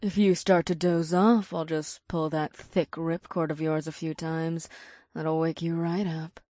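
Guy doing a playful purring young woman, sing-songy and breathy-soft, high up, dry close audio. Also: flat delivery, unhurried, dry recording, lightly acted. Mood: purring, teasing. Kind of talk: audiobook narration.

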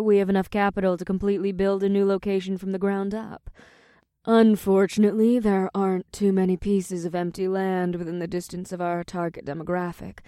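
A man voicing a poised female succubus who runs a club, speaking in a languid, measured, affectionate way. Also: high voice, mellow, smooth, no room sound, studio quality, voice pushed up, natural voice. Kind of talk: audiobook character voice.

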